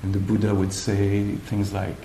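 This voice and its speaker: Low-voiced man giving a dharma talk. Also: completely flat delivery, creaky, slight background noise. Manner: gentle, playful, pauses often. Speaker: meditation teacher. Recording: roomy hall with faint ambience.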